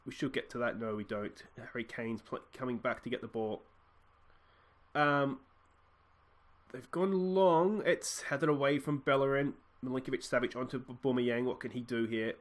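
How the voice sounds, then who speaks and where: A young man with an Australian accent talks over his football management game into a desk mic. His mid-range voice rambles casually through tactics and substitutions. When a goal lands he jumps to excited shouts. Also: medium pitch, moderate pace. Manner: chatty, thinks aloud, bursts into excited shouts at goals. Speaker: let's play host. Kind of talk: casual gameplay commentary.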